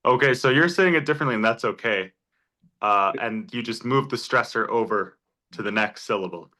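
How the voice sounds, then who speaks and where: In a church classroom, a man teaches a Greek class as an informal lecture, explaining step by step and encouraging students with examples. His mid-range voice has a sharp tone and moves at normal speed.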